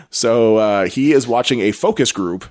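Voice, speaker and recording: A man's voice: mid-range voice, a little mellow. A man co-hosting a podcast, recapping a TV episode in a rambling, self-correcting casual chat. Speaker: podcast co-host.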